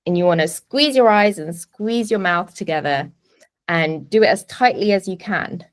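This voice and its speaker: A woman presentation coach teaching a webinar from a home office, with clear, deliberate emphasis on key words. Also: on the low side. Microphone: video call webinar.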